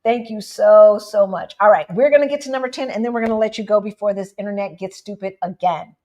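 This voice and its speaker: A woman from the United States co-hosting a casual livestream, chatting with viewers and often asking "right?". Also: fast. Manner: animated, jumps up in pitch for emphasis. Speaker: livestream co-host.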